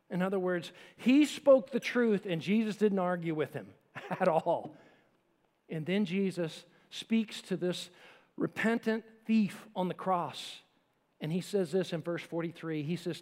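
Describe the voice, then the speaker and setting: A man preaching a sermon with emphasis, swinging between forceful lines and hushed ones. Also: high-pitched, animated, moderate pace, long reverb tail. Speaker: pastor.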